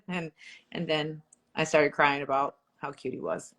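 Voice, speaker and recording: A woman's voice: lowish voice, a little fast, fairly bright tone. A young woman, a former reality show contestant, chatting casually on a livestream, rambling with lots of fillers and laughing often. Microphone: phone.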